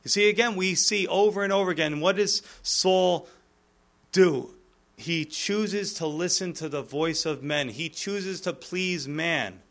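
A male pastor preaching a sermon, retelling the scripture in a lively way and chuckling at the text. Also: high-pitched, measured pace.

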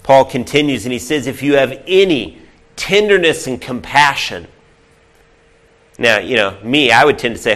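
A male pastor preaching a sermon earnestly, asking the listeners direct questions and swinging from loud emphatic points to hushed, near-whispered lines. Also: medium pitch, expressive, moderate pace.

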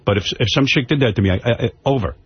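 A man's voice: mid-range voice, racing, breathy edge. A man hosting a radio talk show, telling a heated story and swearing freely. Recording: dull, dry radio studio sound.

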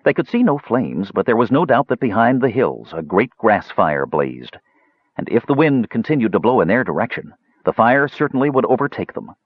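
A man narrating a fantasy audiobook in an animated, expressive reading. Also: mid-range voice, moderate pace, husky, no room sound. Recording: dull dry lo-fi recording.

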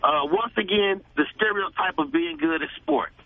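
A high-pitched man calls in to a radio show over a tinny phone line. He speaks emphatically, in slangy speech, and hammers phrases again and again. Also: normal speed, vocal fry, no echo. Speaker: caller. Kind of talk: call-in radio talk.

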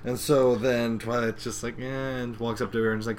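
Animated young man recapping with put-on voices. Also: medium pitch, a little hiss or hum. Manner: animated, swearing, acts out characters in quick voices. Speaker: podcast co-host. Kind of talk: casual recap chat.

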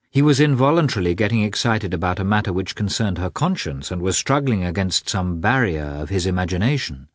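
A man reading a classic novel aloud as an audiobook narrator, with an expressive delivery. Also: deep voice, no echo, clean studio sound. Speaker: audiobook reader.

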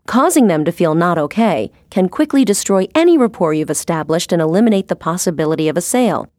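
A woman reading scripted instructional narration in a clear, explanatory way, recorded dry and close in a studio. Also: lowish voice, animated, fast, a little mellow, no echo.

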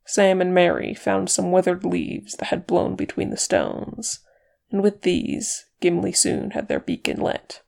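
A reader narrating a fantasy chapter in an even, unhurried storytelling manner. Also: mid-range voice, creaky. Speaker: audiobook reader. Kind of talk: fan fiction narration.

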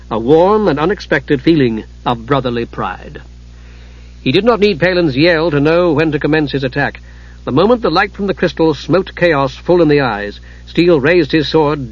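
A man narrating a fantasy audiobook in a steady, dramatic reading, on a dull lo-fi recording. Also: on the high side, breathy edge.

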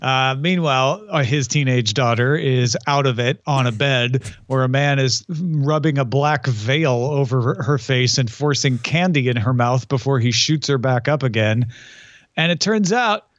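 A man's voice: mid-range voice, unhurried, dry recording, muffled recording. A man co-hosting a podcast, summarizing a TV plot in casual chat with dry asides. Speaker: podcast co-host. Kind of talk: casual chat recapping a TV series.

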